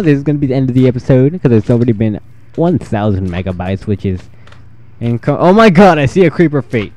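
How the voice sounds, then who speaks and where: A man's voice: fairly low pitch, mellow. A man hosting his gaming channel, giving rambling, jokey commentary with jumpy reactions while he plays. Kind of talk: casual gameplay commentary.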